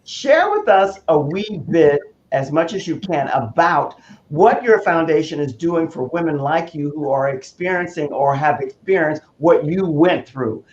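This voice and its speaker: A man's voice: on the high side, animated, unhurried. A man hosting an interview, encouraging his guest and steering her emphatically toward her story. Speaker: host. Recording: roomy, dull, hissy line.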